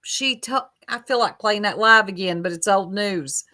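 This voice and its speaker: A woman's voice: medium pitch, normal speed, pushed and bright. A woman giving sarcastic reaction commentary on a clip, mocking it with asides to her viewers. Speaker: commentary streamer.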